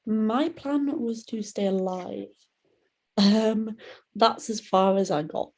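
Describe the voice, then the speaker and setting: A young British woman, a guest in a podcast interview, talking in a relaxed, chatty way and acting out other people's lines. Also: slow. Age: young adult. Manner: laid-back, chatty, acts out quoted voices with big pitch jumps. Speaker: guest, solo ocean rower. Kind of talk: casual interview talk.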